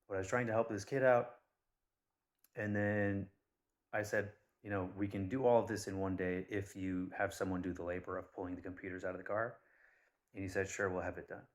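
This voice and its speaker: Very low male voice, candid vlogger who tells stories with blunt asides. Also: fairly quick. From Persian background. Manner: blunt, swears, animated retellings. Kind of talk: casual rambling monologue.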